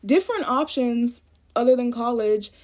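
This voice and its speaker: A woman's voice: fairly high pitch, expressive, normal speed, a little mellow. A young woman, a college student, in a profane, self-deprecating rant to camera while getting ready. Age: young adult.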